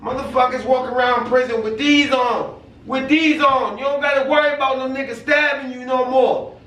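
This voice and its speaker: A man with a very high, bright voice talks with motivational urgency, stopping often to ask "you know what I mean". He sounds set back from the microphone in an echoey room. A faint hiss runs underneath. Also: steady tone, moderate pace. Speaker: guest sharing life story. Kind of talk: casual conversation. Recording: roomy sound from a distant mic with faint noise.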